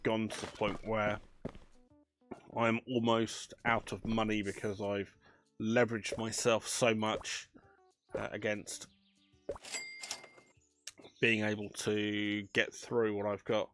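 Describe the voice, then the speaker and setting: A man's voice: fairly low pitch, level tone, takes it slowly, pauses often, a bit bright, faint music behind. A man chatting casually as he plays a management game, thinking aloud with dry banter. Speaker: gaming channel host. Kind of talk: casual let's play commentary.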